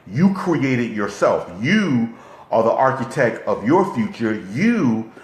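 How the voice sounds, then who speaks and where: A man's voice: mid-range voice, takes it slowly, reverberant. A man giving a motivational coaching talk, who keeps checking in with his listeners. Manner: lively, repetitive, checks in with "okay?". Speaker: relationship coach.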